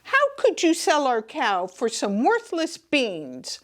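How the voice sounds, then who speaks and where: Storybook mom, high and sharp-tongued, scolding her boy, as a woman reads her. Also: big pitch swings, measured pace. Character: scolding human mother of a boy.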